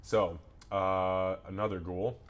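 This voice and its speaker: A man's voice: sits low, fairly even intonation, slow. A man running a tabletop game as game master, narrating combat in a casual, profane way. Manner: casual, swears freely, loose descriptive narration.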